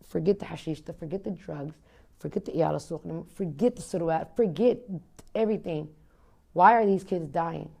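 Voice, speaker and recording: A woman's voice: lowish voice, normal speed, vocal fry, mellow. A woman in her thirties, speaking bluntly and with passion as an interview guest, cursing freely. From United States. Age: 30s. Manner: blunt and impassioned, swears freely. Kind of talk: candid conversational interview.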